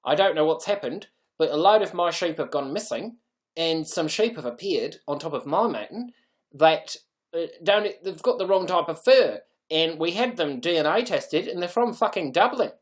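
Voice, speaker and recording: A man voicing a boastful male New Zealand sheep farmer in a loud, blustering mock accent. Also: on the high side, lively intonation, moderate pace, pitched above the performer's own voice, close to an everyday voice.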